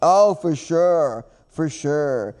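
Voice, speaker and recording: A man's voice: fairly high pitch, animated, drawn-out words, darkish tone. A man hosting a podcast in casual chat, rambling and repeating himself with frequent laughs. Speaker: podcast host.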